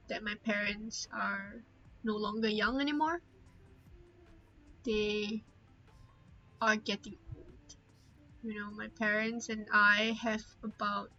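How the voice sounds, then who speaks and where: Fighting back tears, a young female streamer chats casually and speaks from the heart, often drifting off mid-sentence with lots of fillers. She has a mid-range voice with a sharp tone, and the sound is lo-fi.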